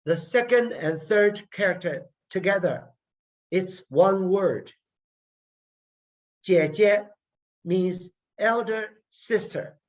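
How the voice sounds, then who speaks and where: A man teaching a language workshop online, deliberately drilling each sound and repeating words for learners. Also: high voice, expressive. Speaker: language lecturer. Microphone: video call. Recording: muffled video call audio.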